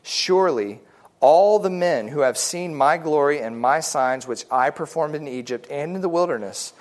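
A man's voice: a little high, expressive, moderate pace. A man leading a casual Bible study, explaining in a conversational way with frequent fillers and restarts, and reading scripture passages aloud.

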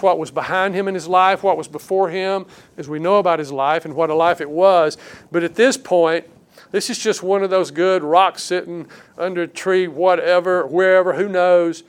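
A man preaching a sermon, earnest and emphatic, leaning hard on key words and slowing down to stress them. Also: high voice. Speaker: pastor.

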